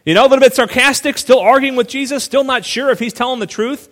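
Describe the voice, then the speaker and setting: A male pastor preaching a sermon in a relaxed, conversational way, full of asides and quick restarts. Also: very high-pitched, big-room sound.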